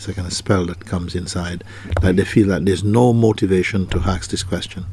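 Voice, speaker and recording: A man's voice: deep voice, fairly even intonation, fairly quick, darkish tone, slightly rough. A man giving a spiritual talk as a teacher, asking probing questions and often repeating his phrases. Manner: questioning, repeats phrases, acts out quoted people.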